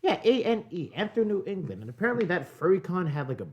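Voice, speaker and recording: A man's voice: sits high, fast, lo-fi sound. A young man guesting on a casual stream, talking loosely with lots of "like" and "dude". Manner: lively, filler-heavy, says "like" and "dude" a lot. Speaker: guest co-host. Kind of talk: casual chat.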